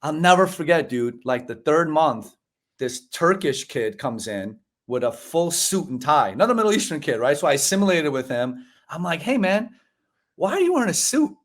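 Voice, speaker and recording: His pitch is fairly high and his pace moderate. A podcast guest in his forties from Chicago, he shares his story in a laid-back video-call interview, animatedly voicing quoted dialogue and often saying "man" and "bro."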